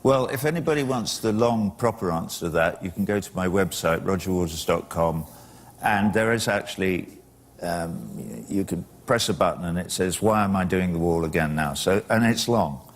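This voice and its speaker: An older man with a very deep, gravelly voice, speaking as a talk show guest. He answers in a measured, thoughtful way with dry humor. A faint hiss runs under his speech. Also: animated. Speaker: musician guest. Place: television studio.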